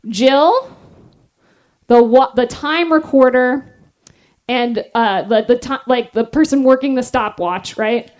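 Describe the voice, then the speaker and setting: High-voiced, animated woman stand-up comic. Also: takes it slowly. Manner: animated, laughing often, self-deprecating. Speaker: stand-up comedian. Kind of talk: stand-up storytelling. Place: live stage.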